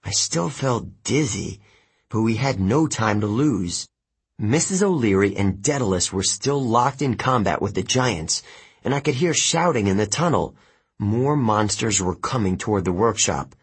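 A man narrating an audiobook in the first person, telling the story in a steady, even way. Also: lowish voice, unhurried, breathy edge.

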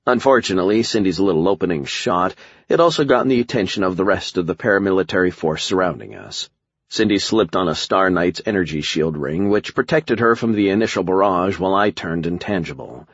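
Deep, husky-voiced wry male narrator. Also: animated, fairly quick, no room sound, dull audio. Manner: wry, sardonic. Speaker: audiobook narrator. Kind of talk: first-person audiobook narration.

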